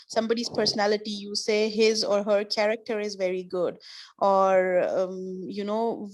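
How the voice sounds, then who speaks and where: A woman teaching an online class, explaining patiently with repeated examples. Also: medium pitch. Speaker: English teacher.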